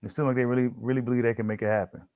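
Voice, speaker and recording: A man's voice: medium pitch, flat delivery, racing, a little mellow, no room sound, highs cut off. A man hosting a casual boxing commentary, slangy and full of fillers, who repeats himself and reads an article aloud to his viewers. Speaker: boxing channel host.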